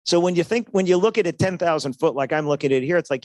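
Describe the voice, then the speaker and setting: A man with a slightly high voice gives a lively sales seminar, speaking casually and tossing "right?" to the crowd again and again. His voice is dry and close, with almost no room sound. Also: racing, few pauses, no echo. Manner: conversational, keeps asking "right?", acts out dialogues. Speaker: seminar speaker at a trade show. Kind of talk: motivational sales talk to an audience.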